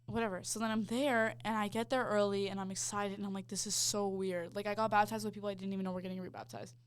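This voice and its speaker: A young woman talks through a personal faith story in a loose, chatty way. Her voice sits at an ordinary middle pitch, and she leans on casual fillers as she recounts each step with real feeling. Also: flat delivery, fast. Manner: heartfelt storytelling, full of "like" fillers. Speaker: podcast co-host sharing her testimony. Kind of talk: casual chat.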